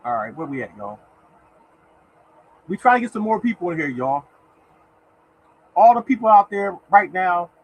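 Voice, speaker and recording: A high-pitched man gives lottery picks on a casual motivational livestream, repeatedly urging on "y'all" and stopping occasionally to thank viewers in the chat by name. The recording is rough, with a little hiss or hum.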